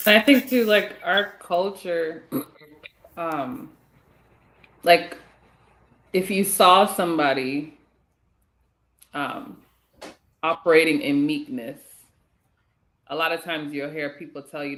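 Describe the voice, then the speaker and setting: A person in a casual faith discussion who talks in an animated way, laughs often and leans heavily on "like". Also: medium pitch, takes it slowly, pauses often, poor audio.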